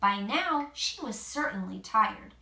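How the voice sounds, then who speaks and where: A mother reading a picture book aloud to her child at home, expressive, with gentle asides. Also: a little high, takes it slowly. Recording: echoey room, mic at a distance.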